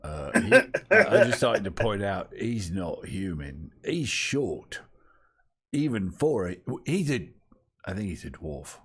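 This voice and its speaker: A man speaks up as a player in a tabletop game, animated and indignant. His voice is husky and swings widely in pitch. He talks at an unhurried pace.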